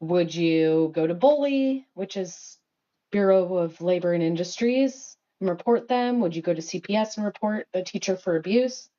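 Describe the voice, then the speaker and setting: A woman's voice: lowish voice, lively intonation, moderate pace, dark tone. A woman, a mother, venting on a casual livestream, heated and swearing, rambling with lots of fillers. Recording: dull lo-fi phone audio.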